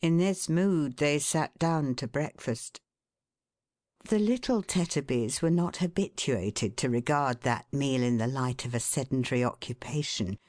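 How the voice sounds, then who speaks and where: Low-voiced woman reading an audiobook. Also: darkish tone, no echo, clean studio sound. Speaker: audiobook narrator. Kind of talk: scripted audiobook narration.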